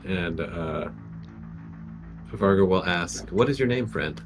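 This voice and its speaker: A man playing a character in an online tabletop game, speaking hesitantly with many pauses and restarts. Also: low voice, expressive, music in the background, rough recording. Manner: hesitant, full of ums and restarts. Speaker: player. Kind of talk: casual tabletop role-play.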